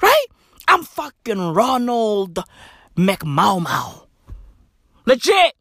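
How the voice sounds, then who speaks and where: A male comedian delivering a profane, slang-filled rant, jumping from loud outbursts to soft asides. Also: extremely high pitch, slow pace, no echo, clean studio sound. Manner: animated, swearing heavily, slang-filled, jumps between loud and soft.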